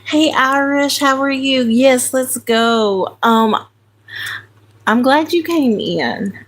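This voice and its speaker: A woman's voice: high voice, slow. A woman with a country accent, chatting casually with viewers on a livestream while she sorts crayons. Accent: American country. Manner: chatty, talks to viewers by name, self-correcting. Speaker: livestream host. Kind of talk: casual live chat while sorting crayons.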